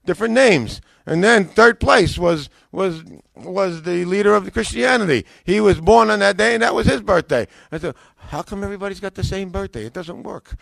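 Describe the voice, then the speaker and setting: Older man, American accent, gravelly voice, animated storytelling, dry sound. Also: high-pitched, normal speed, few pauses, no room sound. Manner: animated, acts out dialogue with rising voice. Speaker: former pastor telling his conversion story. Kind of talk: casual storytelling.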